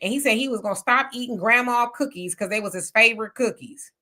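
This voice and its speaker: A woman hosting a casual live stream, reading viewer comments aloud and reacting with chatty, animated remarks. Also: fairly high pitch, fast.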